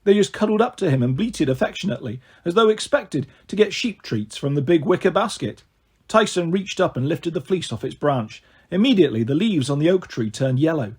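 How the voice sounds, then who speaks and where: A man reading a novel aloud in first person, with expressive, animated narration. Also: fairly high pitch, husky. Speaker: storyteller.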